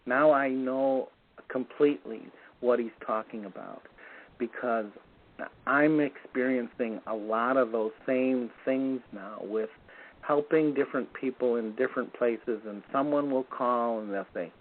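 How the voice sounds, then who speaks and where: Man, storytelling guest, mid-pitched voice, unhurried with restarts, tinny phone-line sound. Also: a little hiss or hum. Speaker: guest recalling a medicine man. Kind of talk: conversational storytelling.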